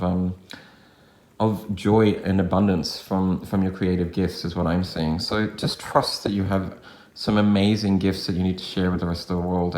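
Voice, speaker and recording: A man giving a pick-a-card tarot reading, talking gently and encouragingly, often restarting his phrases. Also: echoey room. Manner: gentle, affirming, drifting in pitch with frequent restarts. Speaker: tarot reader.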